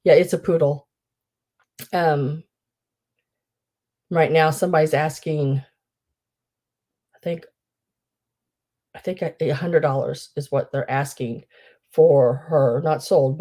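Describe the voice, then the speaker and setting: A woman's voice: sits low, warm tone. A woman hosting a live online sale, chatting in a rambling way with lots of fillers. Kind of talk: casual live-sale chat.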